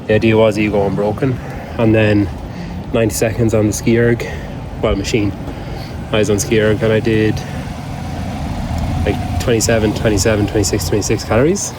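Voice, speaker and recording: Rambling man with a low voice. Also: level tone, fairly quick, noisy background. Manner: rambling, heavy use of "like". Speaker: podcast host. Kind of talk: casual vlog chat.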